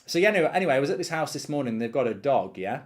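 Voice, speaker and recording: Animated ranting man hosting a watchalong. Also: mid-range voice, very fast. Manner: animated, ranting, swears freely. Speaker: host. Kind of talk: live football watchalong commentary and anecdote.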